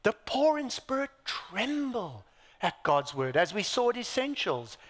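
Slow, animated preacher in a hall. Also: male voice, sits high. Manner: emphatic, asks the audience rhetorical questions; dry self-deprecating asides. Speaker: pastor. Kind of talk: sermon.

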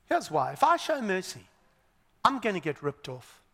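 A man voicing an indignant, resentful churchgoer who fires off rapid, exasperated questions. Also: high-pitched, wildly swooping pitch, sharp tone, in a large hall, exaggerated voice. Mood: scoffing. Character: indignant wronged male churchgoer, resentful and defensive.

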